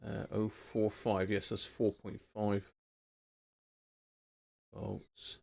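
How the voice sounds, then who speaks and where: A man's voice: lowish voice, little pitch movement, extremely slow, creaky, a little mellow. A man hosting a live repair stream, thinking aloud in a rambling, casual way and chatting with viewers. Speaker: radio repair livestream host.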